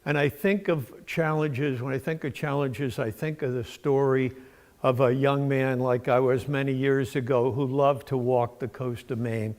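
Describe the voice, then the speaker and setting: Slow-talking older preacher in a reverberant church. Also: male voice, mid-range voice, fairly even intonation, a little mellow. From Massachusetts. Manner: folksy, unhurried storytelling with fillers. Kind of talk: sermon with storytelling.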